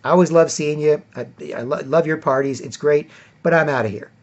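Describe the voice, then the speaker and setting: A man's voice: on the high side, brisk. Rambling man on a dull lo-fi recording. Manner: rambling, with constant "right?" and "whatever" tags; acts out other people in a raised, mocking voice. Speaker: vlogger. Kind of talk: casual storytelling monologue.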